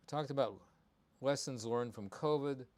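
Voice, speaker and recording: On his live pet-behavior show, the veterinarian's medium-pitched, darkish voice moves at a normal speed. He keeps hammering home his main points in a conversational style peppered with ums and false starts.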